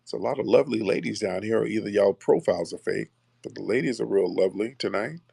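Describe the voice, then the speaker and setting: Guy host, gravelly low voice, dry sound, mocks callers bluntly. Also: fast, dark tone, no echo. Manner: blunt, mocking, repeats himself. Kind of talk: combative call-in talk.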